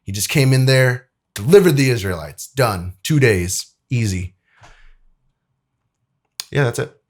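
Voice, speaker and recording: A man's voice: medium pitch, animated, a little slow, a little mellow. A young man in an easygoing Bible lesson. He speaks loosely and chattily, full of fillers, and slips into reading scripture. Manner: loose and chatty, many "like"s, acts out quotes. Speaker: video editor presenting a Bible lesson.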